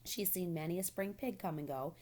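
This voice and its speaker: Woman doing a sweet, brisk wise spider. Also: fairly low pitch, mellow, lightly acted. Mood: calm. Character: calm, wise female spider.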